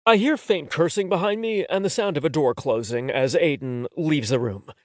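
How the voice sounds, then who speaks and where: A man narrating a romance audiobook in the first person, with a wry, expressive delivery. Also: a little high, normal speed, no echo, studio quality.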